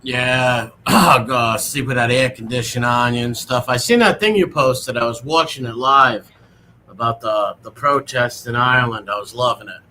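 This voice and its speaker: A man's voice: mid-range voice, moderate pace, bright, forceful tone, a little hiss or hum. A man joining a live stream as a guest, talking casually while he has a cold. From United States.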